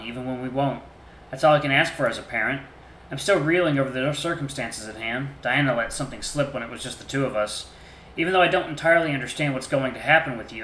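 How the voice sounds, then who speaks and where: A man voicing a loving mother reading out her farewell letter to her grown son, gentle and heartfelt, in a game. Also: mid-range voice, a little hiss or hum, close to an everyday voice. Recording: roomy echo.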